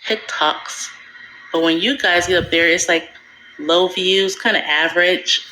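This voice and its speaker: A woman's voice: on the low side, unhurried, sharp tone, roomy sound, a little hiss or hum, low-quality recording. A woman in a played clip, talking in a chatty, exasperated way, full of fillers. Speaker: video creator in a played clip. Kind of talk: casual vlog talk.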